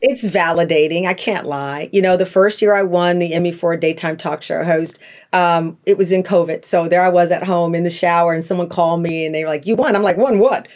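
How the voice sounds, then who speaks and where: A middle-aged woman speaking candidly as an interview guest, telling animated stories and acting out the voices she quotes. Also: lowish voice, brisk. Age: 40s to 50s. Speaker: talk show host, guest.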